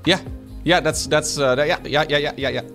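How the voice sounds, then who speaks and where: A man casually commenting while editing a stream highlight, rambling and laid-back with the odd swear. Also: steady tone, brisk, music in the background. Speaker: video editor.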